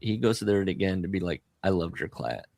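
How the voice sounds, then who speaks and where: A man with a lowish voice talks through a film's plot in a loose, conversational way. His pitch swings widely as he acts out the characters' lines. The sound is dry and close. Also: a little fast, vocal fry, no echo. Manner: animated retelling, acting out characters' lines. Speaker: podcast host. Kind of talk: casual film discussion.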